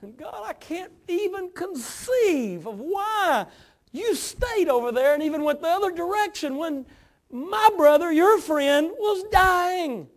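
A man preacher voicing a grieving woman crying out to God in anguish, his voice pushed up high and straining. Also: lively intonation, a little slow, full character voice.

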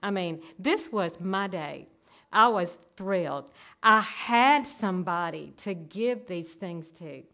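A woman's voice: on the low side, animated, slow pace, bright, forceful tone. A woman telling an earnest, emotional personal faith testimony, linking events one after another. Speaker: church member giving testimony.

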